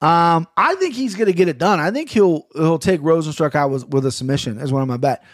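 A man's voice: on the high side, expressive, fairly quick, no room sound, studio quality. A man hosting a casual fight-picks podcast, talking in a laid-back, rambling, self-deprecating way. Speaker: podcast host. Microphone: podcast mic on camera.

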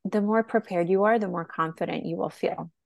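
Woman, health coach co-hosting a podcast, earnest advice, somewhat low voice, dry close sound. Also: fairly quick, vocal fry, a little mellow, dry recording. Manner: earnest, advice-giving, frequent fillers. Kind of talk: casual podcast chat.

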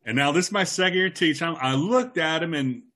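With a voice on the high side and a slightly quick delivery, a man who teaches relates a story from his teaching past in a casual chat. He's animated throughout, slipping into the voices of the people in it.

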